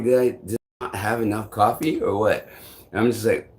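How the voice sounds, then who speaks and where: A man with a somewhat low voice talks straight to his vlog audience. He rambles through a personal story, loops back on himself with "I'm like," swears casually and chuckles along the way. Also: brisk. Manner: meandering, repeats "I'm like", swears freely, chuckles often. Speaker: vlogger.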